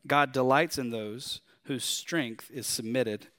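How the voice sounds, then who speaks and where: A man with a Southern drawl preaching a sermon in a conversational, animated way, asking his listeners questions. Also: mid-range voice, slow. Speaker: pastor.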